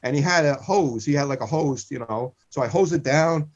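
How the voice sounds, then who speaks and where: A man's voice: on the high side, normal speed. A man in his sixties, a comedy podcast co-host, telling meandering funny stories and repeating himself. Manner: meandering, repeats "listen" often. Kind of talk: rambling comic storytelling. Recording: muffled lo-fi sound.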